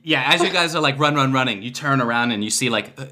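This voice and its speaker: A man's voice: medium pitch, animated, fast talker, bright, forceful tone. A man running a tabletop game as game master, narrating in a loose, rambling way with many fillers and restarts. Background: background music.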